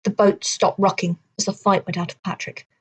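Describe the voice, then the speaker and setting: A woman narrating a children's adventure novel in a steady, measured reading voice. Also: medium pitch, husky, dull audio. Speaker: audiobook reader. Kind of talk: storybook narration.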